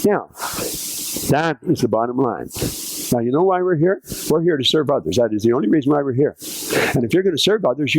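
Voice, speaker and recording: A man's voice: fairly high pitch, no echo, poor audio. An older man delivering a motivational keynote speech, acting out quoted dialogue in his stories and now and then singing a snatch of a song. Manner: animated storytelling, acts out quoted dialogue, sings snatches of songs. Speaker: motivational speaker. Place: conference stage.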